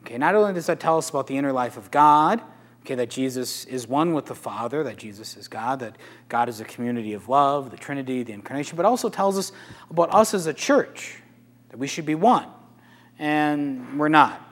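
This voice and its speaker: A man, a Catholic priest, giving a casual, animated talk to a live audience, asking rhetorical questions. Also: medium pitch, fairly quick. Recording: echoey hall.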